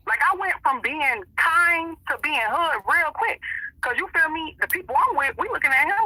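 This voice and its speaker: A woman's voice: sits high, expressive, fairly quick, bright, forceful tone, breathy edge, rough recording. A woman being interviewed, telling a story in casual, emphatic, profane talk and acting out what other people said. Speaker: interview guest.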